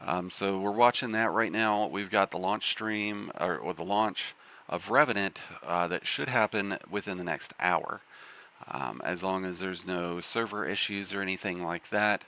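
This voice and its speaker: A man's voice: low voice, a little slow, bright, forceful tone. A man hosting a live game stream, chatting casually in a rambling way with lots of fillers and restarts.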